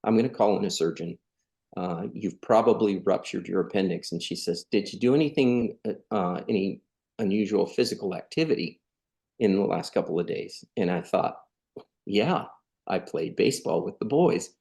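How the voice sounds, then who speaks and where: A man's voice: low-pitched, normal speed, gravelly, darkish tone. A middle-aged man from California, a podcast guest telling a personal story in a casual, earnest way, acting out the dialogue. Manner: earnest, conversational, acts out quoted dialogue.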